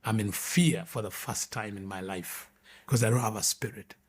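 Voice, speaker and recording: A man earnestly telling his personal testimony in a halting way, restarting his sentences often. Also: on the low side, breathy edge. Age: 20s or older, adult.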